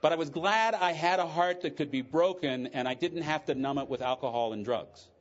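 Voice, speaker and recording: A man's voice: on the high side, a little fast, dull audio. A middle-aged man speaking at a recovery convention, telling candid, joking and emotional stories from his own life. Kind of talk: personal testimony talk.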